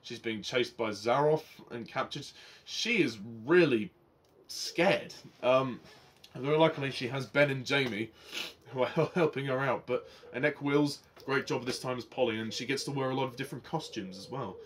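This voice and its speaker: A man giving a casual spoken review of a TV story, enthusiastic but halting, with many ums, restarts and little laughs. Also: medium pitch, husky. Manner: laughs between remarks. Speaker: TV show reviewer.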